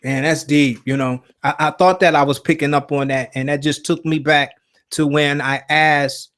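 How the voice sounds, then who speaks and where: Laid-back host, a bit higher voice. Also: male voice, fairly even intonation, moderate pace, a bit bright. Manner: laid-back, says "man" a lot. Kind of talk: casual talk-show chat.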